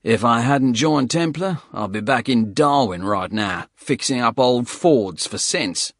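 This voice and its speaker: A man voicing a burly, rough Australian ex-soldier with a throaty, rusty voice, loud and boastful. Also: medium pitch, lively intonation, unhurried, no echo, studio quality.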